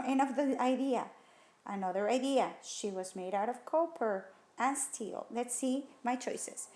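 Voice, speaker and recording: Woman thinking aloud through a lesson. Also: high voice. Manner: thinking aloud, rereading sentences slowly. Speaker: teacher. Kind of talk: recorded test-prep lesson. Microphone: tablet whiteboard screen recording.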